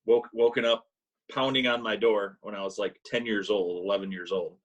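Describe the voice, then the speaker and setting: A man co-hosting a casual podcast over a call, telling animated stories and mimicking people in a high voice. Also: moderate pace, low-quality recording. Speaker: podcast co-host. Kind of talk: casual chat, storytelling. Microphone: remote call mic.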